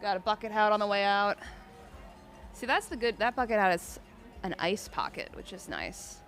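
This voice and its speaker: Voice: mid-range voice, normal speed, music in the background. A livestream co-host casually chatting during a race, pointing out runners and their gear. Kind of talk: live casual commentary.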